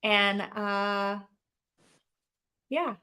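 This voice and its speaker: A woman hosting a book club livestream in casual chat, animated and rambling with lots of fillers. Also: medium pitch, extremely slow, clean tone.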